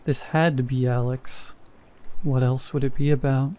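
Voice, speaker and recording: A man's voice: medium pitch, steady tone, moderate pace, warm tone, clear, resonant tone, close to an everyday voice. A man voicing a frightened young wife in a horror story reading, speaking shakily and anxiously. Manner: shaky, anxious.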